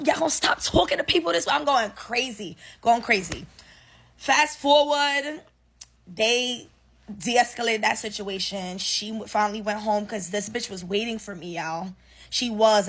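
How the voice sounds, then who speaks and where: A woman with a medium-pitched, fairly bright voice tells her audience a workplace story. She is casual, blunt and slangy, swearing freely as she acts out both sides of an argument.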